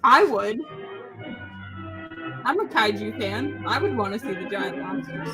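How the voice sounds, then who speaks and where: Excitable high-voiced woman with music behind. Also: measured pace. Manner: excitable, swearing. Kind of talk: casual chat.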